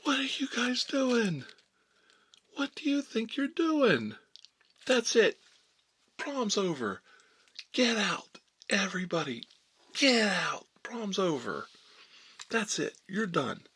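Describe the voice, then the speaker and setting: A man's voice: sits high, very animated, very slow, few pauses, husky, voice pushed up, full character voice. A man bellowing as a furious bombastic teacher. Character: furious bombastic big-lunged male teacher.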